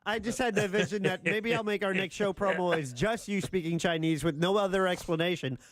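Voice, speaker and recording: Male radio co-host, wry, slightly high voice, dry studio sound. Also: a little fast, no echo. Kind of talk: casual radio banter.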